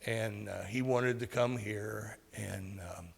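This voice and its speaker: A man giving a speech to a club meeting, telling a personal story in a halting way with many fillers and restarts. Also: lowish voice, steady tone, vocal fry, slightly rough, long reverb tail. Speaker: guest speaker at a club meeting. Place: meeting hall.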